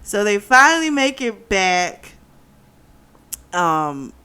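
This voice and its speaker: Smooth-voiced, chatty woman book reviewer. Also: medium pitch, takes it slowly. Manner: chatty, animated, laughing often, many fillers. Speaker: book club host. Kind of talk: casual plot retelling.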